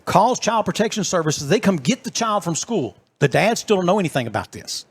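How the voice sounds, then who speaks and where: A fairly high-pitched man with a drawl spins a story for his co-host, jumping into the voices of everyone in it. His delivery is animated and chatty, a casual podcast storyteller. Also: fairly quick, breathy edge. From East Texas. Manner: animated storyteller acting out quotes.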